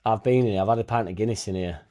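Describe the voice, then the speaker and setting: A man hosting a casual live stream for a fan channel reads out chat and swears freely as he talks. His voice is fairly low and warm, and he races along, chatty and using tag questions like "innit."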